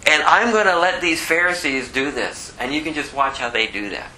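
Guy teaching the bible, chatty asides, kinda forceful sharp tone. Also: on the high side, moderate pace, a little hiss or hum, low-quality recording. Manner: emphatic, repeats phrases for effect; conversational with asides. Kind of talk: informal sermon.

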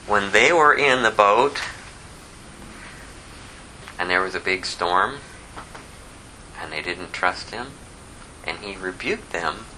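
A man preaching a conversational sermon, asking rhetorical questions and dropping low to act out quotes. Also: sharp tone, a little hiss or hum, low-quality recording. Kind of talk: expository sermon.

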